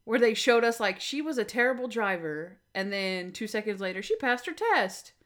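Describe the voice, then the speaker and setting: On a laid-back podcast, a female co-host talks through a TV episode in an animated way, performing quotes and leaning on lots of fillers. Her voice is medium in pitch and her pace is moderate.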